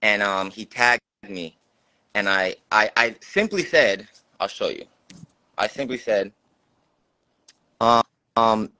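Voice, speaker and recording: A man's voice: on the low side, expressive, a little slow, pauses often, sharp tone, no echo. A man hosting a live stream, talking bluntly and profanely in casual chat, mocking others as he quotes them.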